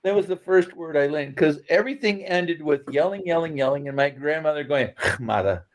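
A man's voice: fairly high pitch, a little fast, low-quality recording. A middle-aged man telling family stories in casual conversation, rambling with lots of fillers and restarts and laughing at his own anecdotes. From California. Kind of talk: casual storytelling.

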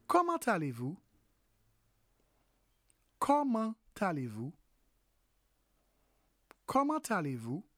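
A man hosting a podcast language lesson, talking in a relaxed way with many fillers and restarts, slowly repeating each phrase. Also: mid-range voice, no echo, studio quality. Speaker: podcast host and language teacher. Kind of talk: casual spoken lesson.

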